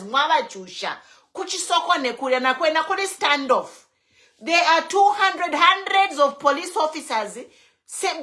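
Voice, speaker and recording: A woman's voice: high voice, sharp tone. A Zambian woman hosting an online show, giving fiery political commentary full of rhetorical questions, moving between English and Bemba.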